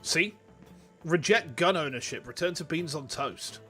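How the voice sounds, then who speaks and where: Animated English male streamer, jokey, lively pitch, faint game music behind. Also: unhurried. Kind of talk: casual game-stream chat.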